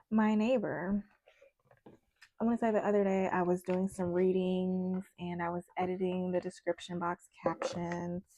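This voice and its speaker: A woman tarot reader chatting in a casual vlog, telling a story in an animated way with many asides. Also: fairly low pitch, measured pace, long pauses, no room sound.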